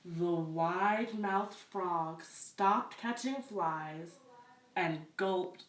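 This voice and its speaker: A woman reading picture books aloud to children at story time, expressive and encouraging. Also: fairly low pitch, drawn-out words, distant mic. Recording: roomy echo, away from the mic.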